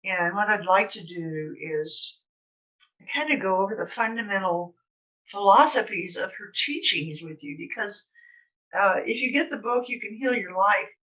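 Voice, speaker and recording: A woman's voice: mid-range voice, moderate pace, a bit bright. An older woman telling stories in a chatty, rambling way, full of fillers, as a guest speaker. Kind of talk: casual storytelling. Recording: slightly distant, dull sound.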